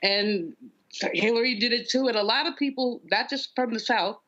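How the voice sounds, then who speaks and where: Woman, panel guest, blunt, a bit high, muffled lo-fi audio. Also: normal speed, a bit bright. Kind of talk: political discussion.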